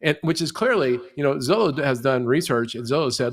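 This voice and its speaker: A middle-aged man in a podcast discussion, talking fast and animated with lots of "you know" as he explains the real estate industry. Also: medium pitch.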